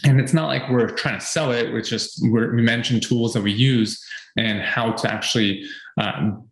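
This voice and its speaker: A man's voice: mid-range voice, steady tone, moderate pace, echoey room, rough recording. A man co-hosting a podcast, giving earnest business advice in a casual chat, repeating his points with fillers. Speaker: podcast co-host.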